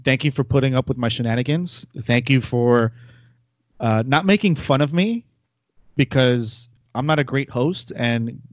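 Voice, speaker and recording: A man's voice: medium pitch, a little slow, dry recording. Nasal New man, casual chat. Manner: rambling, self-deprecating, laughs often. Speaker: podcast guest, former host.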